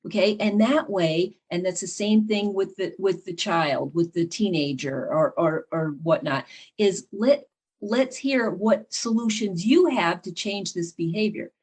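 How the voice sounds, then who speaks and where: Husky middle-aged woman, earnest explainer. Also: mid-range voice, a little slow, a little mellow. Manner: earnest, explains with acted-out examples. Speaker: podcast guest and leadership teacher. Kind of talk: conversational interview talk.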